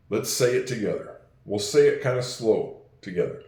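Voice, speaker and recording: A man teaching spoken English in a patient way, repeating phrases slowly so learners can follow. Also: on the low side, lively intonation, darkish tone, echoey room.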